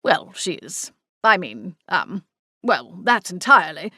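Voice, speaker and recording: A courteous gentleman ghost from another era speaks in a formal, halting way. He grows easily flustered, as a woman narrator puts him on, with a lively lilt. The recording is close and dry. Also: fairly low pitch, dry recording, full character voice. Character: old-world gentleman ghost, formal and bashful.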